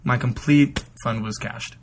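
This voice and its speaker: A man's voice: mid-range voice, steady tone, unhurried, slight background noise. A man on a casual comedy podcast, rambling through stories and acting out the people in them. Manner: rambling storyteller, acts out quotes. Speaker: podcast guest.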